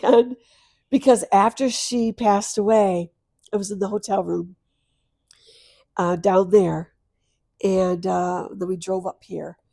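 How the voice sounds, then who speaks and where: A middle-aged woman speaks as a podcast guest, recounting loss with tearful earnestness. Her tone is dark and mellow, dropping to near whispers and then rising to loud, emphatic bursts. The recording is close and dry. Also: mid-range voice, steady tone, slow, gravelly, long pauses, dry recording. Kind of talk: emotional personal storytelling.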